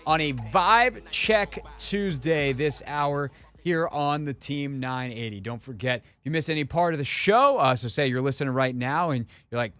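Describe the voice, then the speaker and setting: A man's voice: fairly high pitch, animated, a bit bright, no echo. A man hosting a sports talk radio show, chatty and opinionated, often cutting in, speaking into a studio microphone. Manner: chatty, opinionated, quick to interject.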